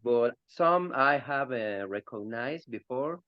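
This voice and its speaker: A male student answering in a class discussion, speaking English as a with many pauses and fillers. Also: medium pitch, expressive, dry recording, muffled recording.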